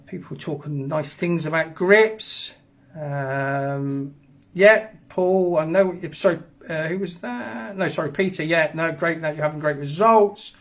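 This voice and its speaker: Chatty host, middle-high voice, rambling live-stream talk. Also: male voice. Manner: rambling, chatty, reads out viewer comments. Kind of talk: casual live stream chat.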